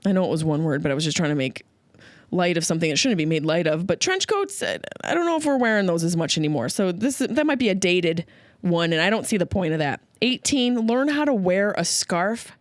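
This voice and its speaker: A woman from Upstate New York hosting a solo comedy podcast, riffing with sarcastic, animated asides. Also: fairly low pitch, fairly quick, no echo, clean studio sound. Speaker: podcast host.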